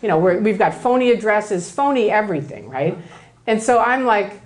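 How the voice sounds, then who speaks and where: Giving a public talk, a woman tells a personal story with lots of animation, acting out the voices of the people she quotes. She often ends lines with "right?" Her pitch is medium and her pace moderate.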